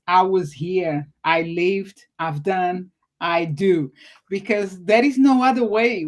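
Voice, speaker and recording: Woman interviewer, encouraging, warm responses, mid-pitched voice. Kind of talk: conversational interview.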